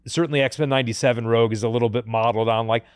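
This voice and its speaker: A man co-hosting a podcast, chatting casually in an animated, joking way with lots of fillers. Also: mid-range voice, clear, resonant tone, no room sound, clean studio sound. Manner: animated, jokey, puts on quick voices, many fillers. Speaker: podcast co-host. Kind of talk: casual chat.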